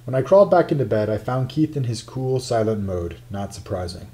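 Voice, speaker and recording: A man's voice: mid-range voice, lively intonation, brisk, mellow. A man narrating a first-person memoir in a wry, confiding storytelling manner. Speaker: audiobook narrator.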